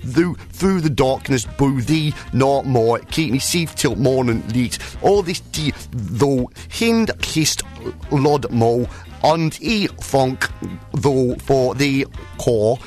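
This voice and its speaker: A man putting on a mocking Kiwi voice, reading slowly and stumbling over mangled words. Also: medium pitch, expressive, a little mellow, soft background music. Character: mock Kiwi man reading a prayer, halting.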